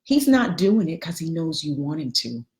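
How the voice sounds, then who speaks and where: A middle-aged woman with a lilt leads a live coaching talk. Her voice sits fairly low and swings up brightly when she greets viewers. The room has a noticeable echo. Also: sing-song, moderate pace. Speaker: life coach.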